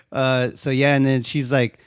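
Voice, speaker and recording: A man's voice: medium pitch, a little mellow, clean tone, no room sound, studio quality. A man co-hosting a podcast, casually retelling a horror movie with lots of swearing and laughter, jumping into raised voices for quoted lines. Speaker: podcast co-host.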